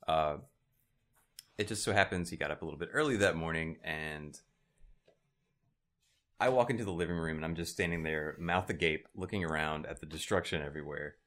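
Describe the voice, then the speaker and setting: A low-voiced man with a bright, forward tone tells a crude story in relaxed podcast chat. He swears freely and grows loud and animated as the story builds. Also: a little fast, long pauses. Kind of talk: casual chat.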